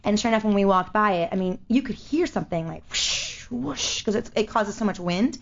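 Fast-talking animated woman. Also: mid-range voice. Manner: animated, swearing, many fillers. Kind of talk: casual chat. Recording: dull lo-fi audio.

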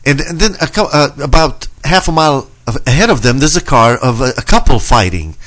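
Mężczyzna o żywej, skaczącej intonacji. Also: male voice, medium pitch, very animated, a little fast, a bit bright. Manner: stumbling, chuckling joke-teller. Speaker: radio show host. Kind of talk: casual banter.

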